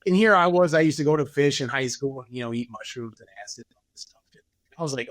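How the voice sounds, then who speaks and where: A man's voice: mid-range voice, fast talker, dry recording. A man, a podcast guest, telling his story candidly and acting out other people's lines. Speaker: podcast guest, business owner.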